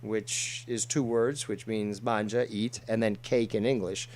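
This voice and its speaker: A man's voice: fairly low pitch, fairly even intonation, unhurried, a little mellow. A man hosting a talk show, boasting and swearing heavily as he rambles with many fillers. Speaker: show host. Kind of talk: casual streamed talk show chat.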